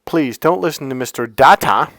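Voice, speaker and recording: A man's voice: medium pitch, moderate pace, fairly bright tone, no echo. A man coaching other men on dating in a casual monologue, blunt and profane, and he mocks people with put-on voices.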